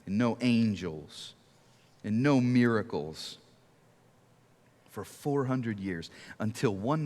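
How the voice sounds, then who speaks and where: Man preaching in an echoing church hall. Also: fairly low pitch. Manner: storytelling, rhetorical questions, dropping to a hush for emphasis. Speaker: guest preacher. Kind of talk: sermon. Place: large church auditorium. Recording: long reverb of a large hall.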